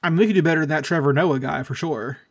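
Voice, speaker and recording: Swearing podcast co-host, ranting. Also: male voice, fairly high pitch, very fast. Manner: profane, ranting, does mocking quoted voices. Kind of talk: casual comedic political chat.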